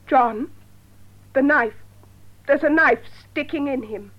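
An actress playing an anxious young woman, speaking clearly and slowly for learners, on a dull lo-fi tape. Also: high voice. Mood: tense. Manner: clear, slow learner-friendly delivery.

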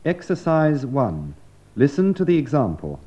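A man presenting a scripted English lesson, measured and explanatory, on a dull lo-fi old recording. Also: mid-range voice, wildly swooping pitch, loud music behind the voice. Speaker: English teacher.

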